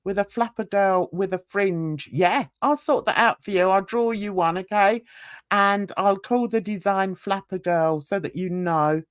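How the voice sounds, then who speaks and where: A woman's voice: medium pitch, measured pace, no echo, clean studio sound. A woman on a livestream panel, chatting casually, laughing often and mimicking other people's voices.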